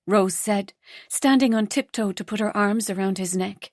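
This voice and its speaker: A woman's voice: mid-range voice, steady tone, normal speed, darkish tone, no room sound. Woman audiobook narrator, dry sound. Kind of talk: scripted narration.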